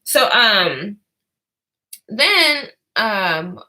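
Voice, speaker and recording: A woman's voice: mid-range voice, big pitch swings, extremely slow, sharp tone, low-quality recording. A woman vlogger telling a rambling story in casual talk, full of fillers and swearing.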